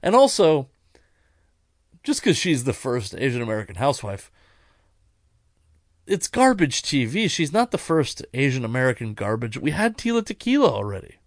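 A man's voice: medium pitch, big pitch swings, moderate pace, long pauses, no echo, clean studio sound. A man hosting a podcast alone, talking in a rambling way with wry asides and frequent self-corrections, and he sounds tired. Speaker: podcast host. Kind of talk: casual solo podcast monologue.

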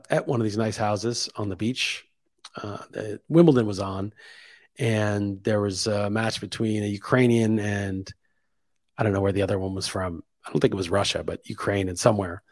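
A man's voice: fairly low pitch, normal speed, a little mellow, no echo, studio quality. A man hosting his own podcast, delivering a casual opinion monologue and thinking aloud, pushing his voice up to stress key points. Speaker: podcast host.

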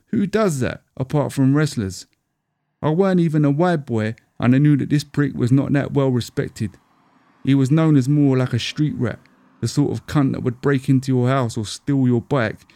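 Wry, deadpan storyteller man. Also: mid-range voice, no room sound. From England. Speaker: storyteller and podcast host. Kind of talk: scripted storytelling narration.

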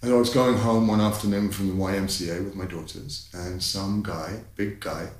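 A man from tells his story as a guest, his voice low and a little deep at rest but jumping up high when the story turns tense. He talks candidly, peppered with fillers and the odd curse. The sound is roomy and echoing. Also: fairly even intonation, normal speed. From London, England.

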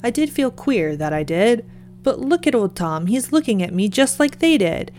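A woman voicing an excited rustic gravedigger who eagerly tells a strange tale, in a storybook reading. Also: on the high side, moderate pace.

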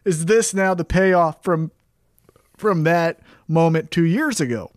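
A man co-hosting a podcast, chatting casually about wrestling in an excitable, profane, rambling way. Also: a little high, slow pace, dry recording, studio quality. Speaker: podcast co-host.

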